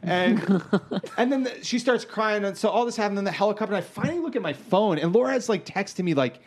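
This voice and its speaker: Man, thirties, casual storyteller, lively swooping pitch, slightly higher voice, lots of fillers. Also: quick pace. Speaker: podcast guest telling a story. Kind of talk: casual chat.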